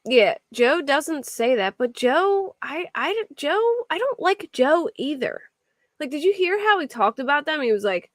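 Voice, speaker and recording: Woman, true crime host, casual rambling chat, high-ish voice, dry sound. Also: expressive, moderate pace, fairly bright tone, no echo. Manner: rambling, restarts and filler words. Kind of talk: casual chat reacting to viewer comments.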